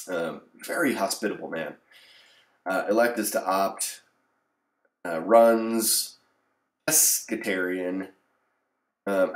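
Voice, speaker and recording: Wry low-voiced man solving crosswords. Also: echoey room. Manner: wry, offhand, sarcastic asides. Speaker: crossword channel host. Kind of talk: casual live-solve commentary.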